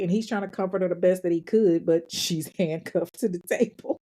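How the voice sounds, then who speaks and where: A woman's voice: fairly low pitch, brisk, hardly any pauses, mellow. Sassy, profane woman podcast host. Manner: profane, sassy, acts out quotes. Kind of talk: casual true-crime storytelling.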